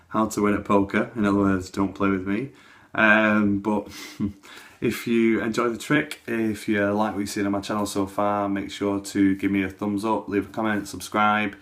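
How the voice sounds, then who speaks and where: A man's voice: on the low side, a bit bright. Casual man telling a story. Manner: casual, anecdotal, fond of "I'm like". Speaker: card magician. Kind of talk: chatty storytelling patter.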